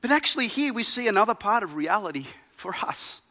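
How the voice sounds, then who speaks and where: A man preaching a sermon, swinging between loud emphasis and quiet gravity. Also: high voice, sing-song, fairly quick, in a large hall.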